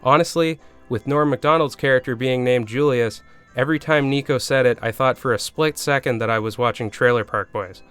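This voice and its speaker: Canadian accent, man, comedic review narration, smooth clear voice, deadpan sarcasm. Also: medium pitch, brisk, soft background music. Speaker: video reviewer host.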